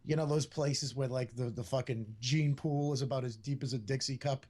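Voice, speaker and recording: A man's voice: medium pitch, fairly even intonation, normal speed, a little mellow. A man chatting casually as co-host, sarcastic and rambling, laughing between lines. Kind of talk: casual chat.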